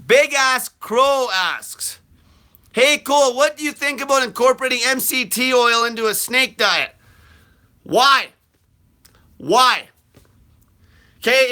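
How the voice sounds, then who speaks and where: A man hosting a live question-and-answer show, ranting bluntly and aggressively, swearing constantly and breaking into shouts. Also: very high voice. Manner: fast bursts of shouting. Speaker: host answering viewer questions. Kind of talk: live Q&A rant.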